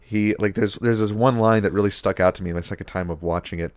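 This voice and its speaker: A man with a fairly low voice recaps an old TV episode in casual podcast chat. He rambles, restarts and drops fillers. The sound is dry and close. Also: fast talker, no room sound. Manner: rambling, filler-heavy storytelling with acted-out quotes. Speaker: podcast co-host.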